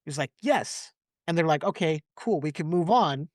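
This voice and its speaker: A man's voice: fairly high pitch, a little fast, no room sound, clean studio sound. Lachende man die levendig navertelt. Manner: animated retelling with acted quotes and laughs. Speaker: podcast host. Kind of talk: casual podcast chat.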